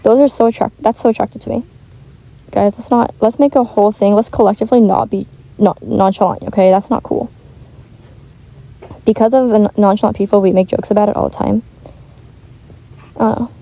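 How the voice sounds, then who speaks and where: A teenage girl talks in a loose, rambling chat, filling her sentences with "like" and stopping to restart them. Her voice is soft and warm, sitting in a middle register. She speaks through a home microphone that is not high-end. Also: fairly even intonation, a little fast, gravelly, pauses often, poor audio. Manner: chatty, rambling, heavy use of "like". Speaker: gaming vlogger.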